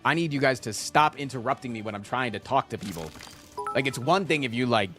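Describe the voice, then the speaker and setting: A man's voice: mid-range voice, brisk, soft background music. Chatty male streamer, rambling. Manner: rambling and animated, jokey, with frequent "man". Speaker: live streamer. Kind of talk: casual chat with stream viewers.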